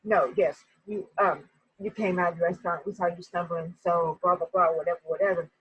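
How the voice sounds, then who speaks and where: Casting note: flat, dismissive policeman, a woman doing him, husky. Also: fairly low pitch, a little fast, dull audio, pitched below the performer's own voice. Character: dismissive male police officer.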